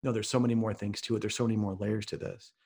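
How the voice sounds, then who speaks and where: Low, even-toned storytelling man from Oklahoma. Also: fast talker. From Oklahoma, US Midwest. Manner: earnest, vivid storyteller. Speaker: podcast guest, author and speaker. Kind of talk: storytelling in conversation.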